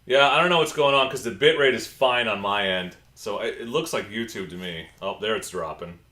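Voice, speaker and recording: A man's voice: lowish voice, brisk, sharp tone, echoey room. A man hosting a casual livestream, chatting and answering viewer comments from his home computer. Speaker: livestream host.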